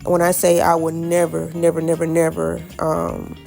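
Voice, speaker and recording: A young woman tells a storytime vlog in a casual, animated way, talking straight to her viewers and acting out what people said. Her voice sits fairly low with a gravelly fry, and soft music plays underneath. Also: moderate pace. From Florida. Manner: animated, addresses viewers as y'all, acts out quotes. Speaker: vlogger.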